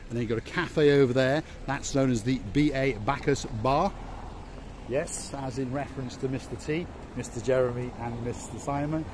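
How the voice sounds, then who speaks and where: A man hosting a vlog acts as tour guide, giving playful walking-tour commentary outdoors along a seaside promenade and repeating words for emphasis. His voice is medium in pitch, with a little hiss or hum in the recording.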